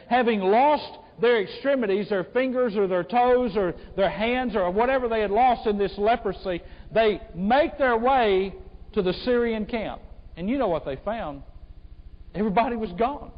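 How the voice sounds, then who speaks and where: A male pastor preaching an impassioned sermon, swinging between hushed and loud delivery. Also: very high-pitched. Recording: echoey hall, dull sound.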